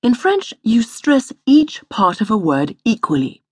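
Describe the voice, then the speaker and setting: A woman instructor reading a scripted audio language lesson in a studio, slowly modelling each word to repeat. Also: on the high side, big pitch swings. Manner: patient, slow model pronunciation.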